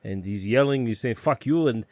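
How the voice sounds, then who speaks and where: A man's voice: medium pitch, a little mellow, dry recording, natural voice. Brief: blunt older Latvian laborer, Latvian accent, stumbling broken English, put on by a man. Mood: earnest. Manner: broken English, halting and repetitive.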